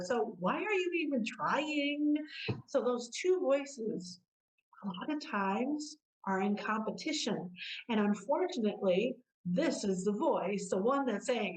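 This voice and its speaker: A woman's voice: mid-range voice, lively intonation, unhurried, recorded from a distance, rough recording. A woman coach giving a motivational self-help talk, explaining patiently and posing rhetorical questions to the listener. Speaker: coach who works with clients.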